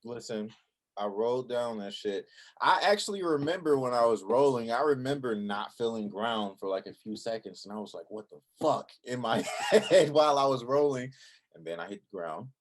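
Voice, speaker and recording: A man's voice: mid-range voice, expressive, normal speed. A young man co-hosting a channel, telling a story in a casual, profane way and acting out his own thoughts in quotes. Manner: laid-back, profane, recounts with quoted inner thoughts. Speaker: channel co-host.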